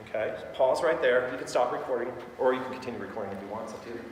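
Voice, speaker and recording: In an echoey hall with a little faint noise, a man leads a lively sales training talk, voicing both caller and customer in role-played phone calls to show the right approach. His voice sits in the mid-range, and he races through his delivery.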